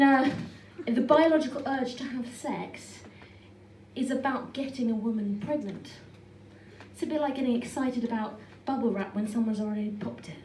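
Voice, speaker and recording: A pregnant woman in her thirties performing a stand-up comedy set on a small club stage, with a dry, self-deprecating delivery full of quick restarts. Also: high-pitched, a little mellow. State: heavily pregnant. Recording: echoey club room from far off, noisy.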